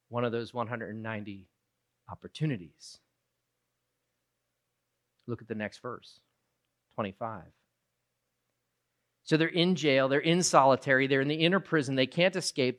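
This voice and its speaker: A preacher giving a sermon, moving from low, quiet reflection to loud, emphatic retelling of a story.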